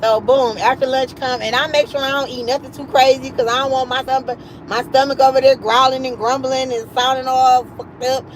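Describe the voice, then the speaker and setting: A woman's voice: high-pitched, fairly quick, hardly any pauses, a little hiss or hum, low-quality recording. A woman hosting a livestream, telling a casual, profane story and acting out the voices of the people in it. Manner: animated, profane, acts out quoted voices. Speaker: livestream host.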